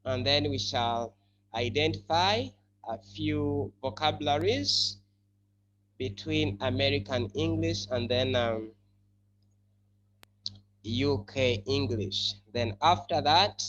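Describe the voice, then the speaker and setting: A male English teacher giving a classroom lesson, explaining slowly and repeating key words for his students. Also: medium pitch, a bit bright. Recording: slightly muffled with faint hum.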